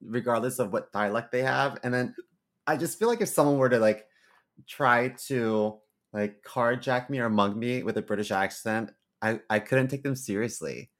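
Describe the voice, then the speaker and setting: A man's voice: medium pitch, normal speed. A young man co-hosting a podcast in a laid-back, rambling chat. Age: young adult. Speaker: podcast co-host. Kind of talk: casual chat.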